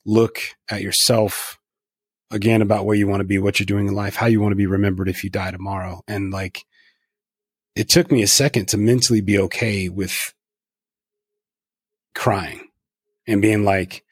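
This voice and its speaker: A middle-aged man with a husky, somewhat low voice, hosting a podcast interview. He talks frankly and reflectively and swears freely. The sound is dry and close, with no room echo. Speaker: podcast host. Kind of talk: candid conversational interview.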